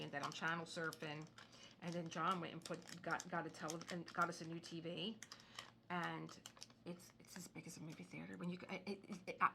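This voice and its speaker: A middle-aged woman rambling casually as she crafts, drifting into soft muttering now and then. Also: on the low side, vocal fry, slight background noise. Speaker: craft video host. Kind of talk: casual chat while crafting.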